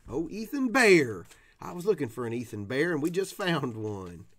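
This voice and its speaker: A man's voice: fairly high pitch, sing-song, moderate pace, fairly bright tone. A man from Tennessee, hosting a casual card-opening stream in a rowdy, profane, whooping way. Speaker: card breaker host. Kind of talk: casual live stream chat.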